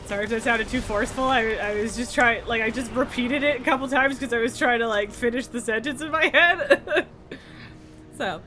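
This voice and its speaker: A woman's voice: fairly high pitch, moderate pace, bright, forceful tone, soft background music. A woman streaming a game live, chatting casually, laughing often and swearing freely. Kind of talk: casual live gameplay commentary.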